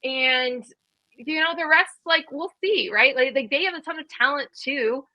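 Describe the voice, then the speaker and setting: A woman in her thirties co-hosting a college football podcast, talking fast and casually with lots of fillers. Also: high voice, no echo, muffled recording. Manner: quick, chatty, many fillers. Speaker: podcast co-host. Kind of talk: casual sports chat.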